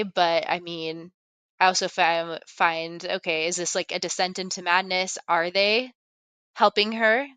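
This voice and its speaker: A woman speaks in a lowish voice with a bright, forceful edge, recorded dry and close. She works through her ideas as questions, leaning on fillers as a guest in a casual podcast chat. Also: normal speed, clean tone, no room sound. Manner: thoughtful, questioning, filler-heavy.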